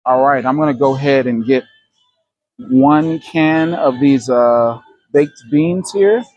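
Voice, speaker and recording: In a muffled, dry recording, a man from the United States vlogs a casual grocery-store walkthrough indoors, explaining prices to viewers. This travel vlogger has a mid-range voice and takes it slowly.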